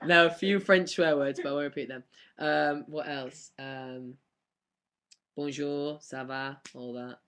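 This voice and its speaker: On a live stream, a young man with a voice on the high side and a sharp tone responds slowly to fan questions. His talk is chatty and meandering, full of laughter and frequent ums.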